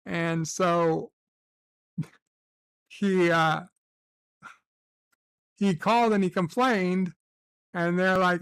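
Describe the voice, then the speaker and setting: A man with a gravelly, fairly high voice tells rambling, self-mocking stories and swears freely. He talks casually, like a host chatting to his regular viewers. The sound is dry and close. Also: fairly even intonation, drawn-out words, pauses often, a bit bright, no echo. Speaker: livestream host. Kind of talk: casual storytelling. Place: at home, in bed.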